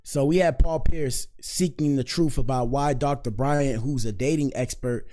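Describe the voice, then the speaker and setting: A man hosts a casual commentary show at a mid-range pitch, talking loosely and joking as he goes. He rambles, circles back to the viewers and keeps the mood light. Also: moderate pace, mellow. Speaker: host.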